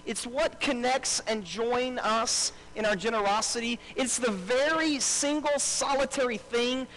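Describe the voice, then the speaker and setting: On a poor recording, a male pastor with an extremely high, slightly bright voice speaks a little slowly during a church service. He hammers home key phrases and keeps asking his congregation to respond.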